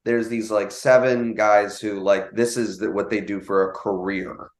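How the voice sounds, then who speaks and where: Young man, lower voice, casual storytelling, animated, quotes other voices, roomy echo. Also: a little slow. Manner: animated, acts out quoted voices, many fillers. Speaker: guest telling a sales story.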